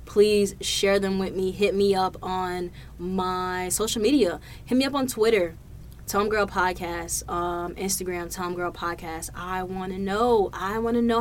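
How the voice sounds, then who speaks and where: A woman hosting her own podcast, telling stories in a profane, animated, laughing way. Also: medium pitch, moderate pace, slight background noise. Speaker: podcast host. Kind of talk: casual solo podcast storytelling.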